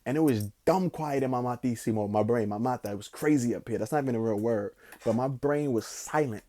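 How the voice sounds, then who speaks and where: A young man casually telling a rambling story, slangy and profane, drifting between slow musing and excited bursts. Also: medium pitch, a little hiss or hum. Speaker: podcast host.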